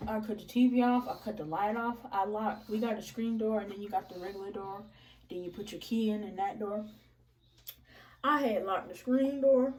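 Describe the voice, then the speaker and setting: A young woman casually telling a story, acting out the other people's lines in changed voices. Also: mid-range voice. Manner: animated, acts out each person's lines in changed voices; addresses listeners as "y'all". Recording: distant mic with faint noise.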